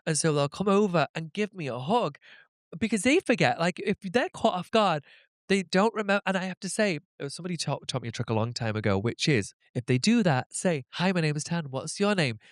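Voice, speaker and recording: A middle-aged man chatting as a podcast guest, animated and fond of acting out the voices in his stories. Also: fairly high pitch, a little fast, dry recording, studio quality. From Britain. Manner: animated storyteller, acts out quoted voices. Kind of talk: casual chat.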